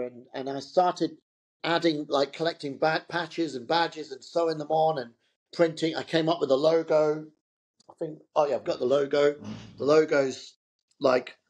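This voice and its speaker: A man's voice: fairly high pitch, darkish tone. A middle-aged man, a fashion entrepreneur as an interview guest, telling loose, rambling stories in a chatty way. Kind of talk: casual anecdotal interview talk.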